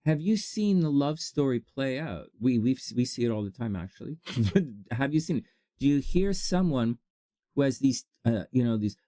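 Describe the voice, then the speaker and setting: A channel host talking casually to viewers, animated and laughing often, jumping between low asides and high exclamations. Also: no room sound, studio quality. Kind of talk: casual advice monologue to camera.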